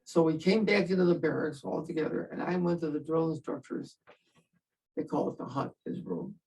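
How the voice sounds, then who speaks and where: A man's voice: a little high, moderate pace, vocal fry, darkish tone, distant mic, rough recording. An older man, a veteran, telling his story in an interview in a wry, self-mocking way and laughing at himself.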